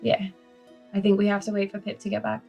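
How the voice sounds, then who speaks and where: A woman's voice: medium pitch, very animated, fast, warm tone, breathy edge, faint music behind. A woman playing a tabletop game, speaking in character to her dragon. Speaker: player.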